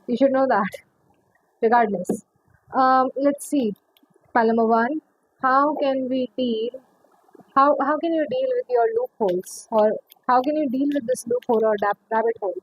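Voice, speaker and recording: A woman's voice: fairly high pitch, moderate pace, muffled recording. A woman giving a pick-a-card tarot reading, chatty and rambling, calling the viewer honey. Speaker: tarot reader.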